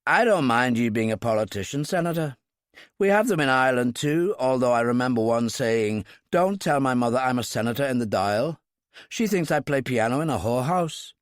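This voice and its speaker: A man's voice: mid-range voice, expressive, fairly quick, dry recording, clean studio sound, voice pushed up, close to an everyday voice. A man reading an audiobook, voicing a sardonic, cheeky Irish man with a cutting tongue.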